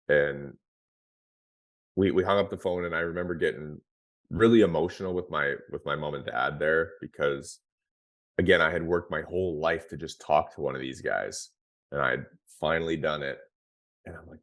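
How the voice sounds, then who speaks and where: A man's voice: a bass voice, moderate pace. A man in his thirties, a former pro athlete on a podcast, telling his story frankly and casually, with lots of fillers and restarts. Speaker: podcast guest, former pro hockey player. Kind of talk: candid conversational storytelling.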